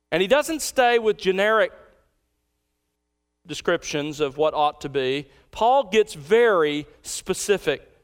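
A man preaching a sermon as pastor, emphatic and repeating key lines slowly for emphasis. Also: sits high, smooth.

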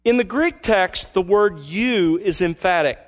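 A man with a high voice delivers a sermon like a teacher. He explains patiently and stretches out the words he wants to stress. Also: animated. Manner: emphatic, teacherly, slows down on key phrases. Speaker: pastor.

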